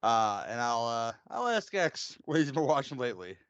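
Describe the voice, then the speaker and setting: A man's voice: medium pitch, sing-song, moderate pace, fairly bright tone, clear, resonant tone, no room sound. A man hosting a movie podcast, joking around and stumbling over his words. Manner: joking, stammering. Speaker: podcast host. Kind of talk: casual chat. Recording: slightly dull, dry sound.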